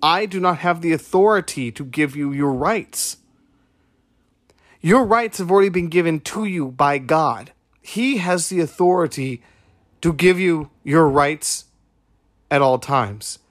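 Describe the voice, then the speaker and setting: A man's voice: on the high side, expressive, unhurried, no room sound, studio quality. A man hosting a podcast, retelling a conversation and making his point in an emphatic, preachy way with repeated rhetorical questions. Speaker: podcast host.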